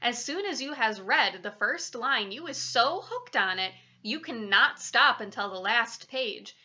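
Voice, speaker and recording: A woman's voice: on the high side, animated, measured pace, bright, forceful tone, dull audio. A woman reading a children's book aloud, engaging and talking directly to her young listeners. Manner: engaging, asks listeners questions.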